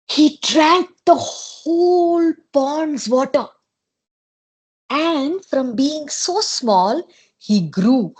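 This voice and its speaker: A woman with an Indian accent, an educator telling a children's story in a playful, expressive way over a video call. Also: high-pitched, slow pace. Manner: expressive, playful, with emphatic repetition.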